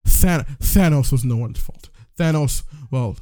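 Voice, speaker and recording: A man's voice: medium pitch, unhurried, warm tone, dry recording, studio quality. A man co-hosting a podcast, ranting in casual chat, profane and incredulous. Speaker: podcast co-host.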